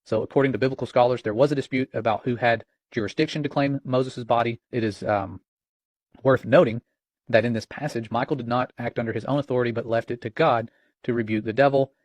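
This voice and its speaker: A man's voice: medium pitch, steady tone, fast talker, a little mellow, no echo. A man hosting religious commentary, earnest and warning, retelling a conversation line by line.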